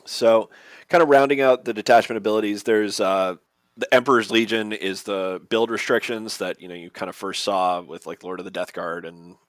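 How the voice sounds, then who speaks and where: A man with a lowish voice walks through game rules in relaxed podcast chat. He is methodical and leans on fillers as he explains. The sound is dry and close to the mic. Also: normal speed, dry recording. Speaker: podcast co-host.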